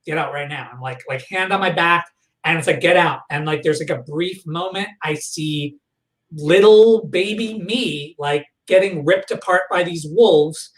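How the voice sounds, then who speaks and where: A man guest on a podcast, recounting a personal memory in a halting way, full of fillers and restarts. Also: a little high. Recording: echoey room, voice far from the mic.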